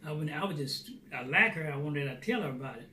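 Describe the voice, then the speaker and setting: A man telling a personal faith testimony as a lively storyteller who acts out the dialogue. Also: a little high, quick pace. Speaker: Christian theater founder. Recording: roomy, distant mic, faint noise.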